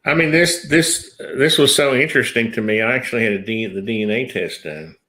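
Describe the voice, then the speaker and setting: A man's voice: mid-range voice, fairly quick, pushed and bright. A man from Tennessee with a Southern accent, chatting casually on a livestream and telling stories with easy laughter. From Tennessee, USA. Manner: chatty storyteller, laughs easily.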